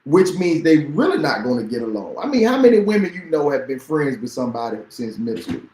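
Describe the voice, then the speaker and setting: A man co-hosting a podcast, giving relationship advice in casual slang with halting restarts. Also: mid-range voice, big pitch swings, warm tone, echoey room, rough recording. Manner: halting, restarts, slang, "you know what I'm saying". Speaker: podcast co-host.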